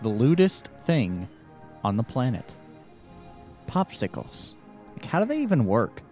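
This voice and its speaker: A man co-hosting a casual podcast, animated and giggly, telling crude jokes. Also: mid-range voice, moderate pace, soft background music. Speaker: podcast co-host.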